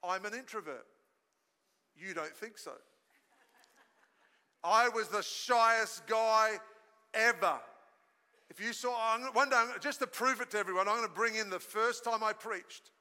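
A man's voice: high voice, measured pace, pauses often. A man preaching a sermon as pastor at a live church service, telling stories energetically and calling on the congregation to join in. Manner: storytelling, energetic preaching with audience call-and-response. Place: church hall. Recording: live sermon in a reverberant hall.

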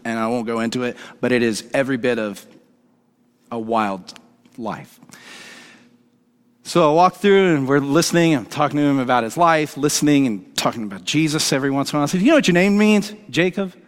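A male pastor preaching a sermon and telling a story, animated and excitable, acting out the dialogue as he goes. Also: mid-range voice, a little fast, clear, resonant tone. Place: church sanctuary. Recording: long hall reverb from the church.

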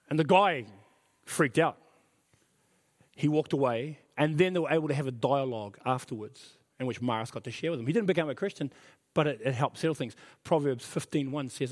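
A man's voice: medium pitch, a little fast. A middle-aged man preaching a sermon as pastor, earnest and emphatic, repeating his key phrases. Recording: reverberant hall.

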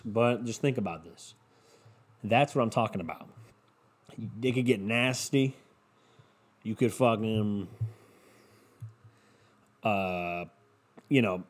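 With a medium-pitched, slightly mellow voice, a young podcast host spins rambling stories. His humor is crude and casual, and profanity runs all through it.

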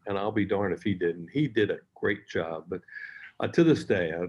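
A man's voice: deep voice, normal speed, a little mellow, slightly rough. An older man, a former team broadcaster, reminiscing in conversation and acting out quotes as he tells stories. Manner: storytelling, acts out quotes. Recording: dull lo-fi audio.

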